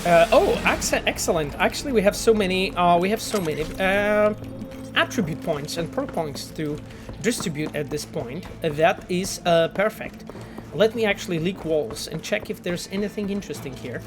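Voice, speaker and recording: Animated, swearing male game streamer. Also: high voice, normal speed, over music. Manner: animated, swears often, thinks aloud with many fillers. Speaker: game developer streaming gameplay. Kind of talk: casual livestream commentary.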